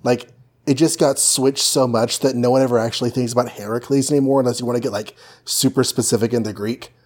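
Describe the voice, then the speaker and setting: A man's voice: mid-range voice, steady tone, quick pace, darkish tone. A man co-hosting a podcast, chatting casually and summarizing an old comic, with lots of "like". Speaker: podcast co-host.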